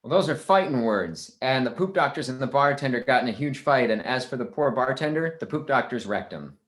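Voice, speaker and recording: Player: man with a mid-range voice, deadpan improv puns. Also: mid-range voice, a little fast. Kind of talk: improvised punchlines.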